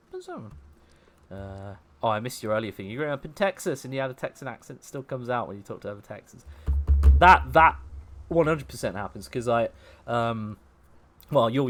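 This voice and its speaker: Animated man chatting on stream. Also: fairly low pitch. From English Midlands. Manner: chatty, laughs often, reads and answers chat aloud. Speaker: livestream host. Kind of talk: casual gaming livestream chat.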